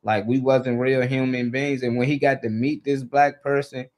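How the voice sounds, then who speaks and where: A man hosts a live morning show in relaxed, unscripted chat. His voice sits mid-range. He rambles loosely from point to point, dropping easy laughs as he goes. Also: medium pitch, moderate pace.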